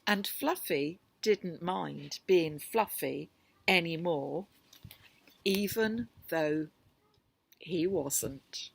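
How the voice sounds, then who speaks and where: A woman reading a picture book aloud to children, gentle and expressive. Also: on the low side, drawn-out words, gravelly, husky. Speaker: storyteller.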